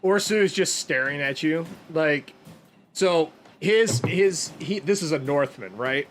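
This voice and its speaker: A man narrating as game master in a tabletop role-playing game, relaxed and hesitant with many fillers, over faint music. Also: a little high, unhurried.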